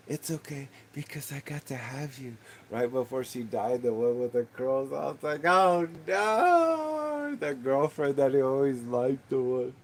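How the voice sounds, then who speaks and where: Texan man, livestream host, rambling casual talker, middle-pitched voice. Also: a little mellow, a little hiss or hum. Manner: rambling, laughing, peppered with "dude" and "man".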